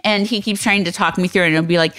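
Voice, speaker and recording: A woman co-hosting a podcast, telling stories in a lively, self-deprecating casual chat. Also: fairly low pitch, very fast, dry recording, studio quality. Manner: animated storyteller, self-deprecating. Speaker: podcast co-host.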